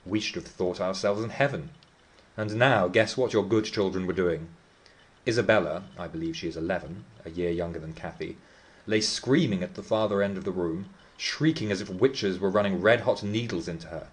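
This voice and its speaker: A man voicing Heathcliff, a scornful, deep-toned boy. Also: normal speed, natural voice. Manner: scornful, vehement storytelling. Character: brooding defiant teenage boy Heathcliff.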